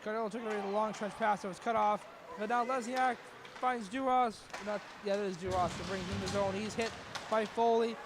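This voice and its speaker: Over a loud, noisy rink, a young man with a very high voice calls a hockey game live, play by play. He speaks fast and excitably, shouting whenever there's a scoring chance.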